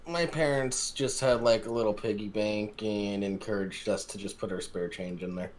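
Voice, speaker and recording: Low-voiced laid-back podcast man. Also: steady tone, moderate pace, slight background noise. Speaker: podcast co-host. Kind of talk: casual chat.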